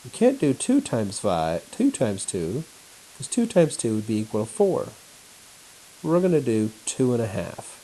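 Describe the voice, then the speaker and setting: A male teacher walking through a chemistry lesson at home on his laptop, in a flat, announcer-like voice. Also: medium pitch, measured pace, slight background noise, rough recording. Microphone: laptop mic.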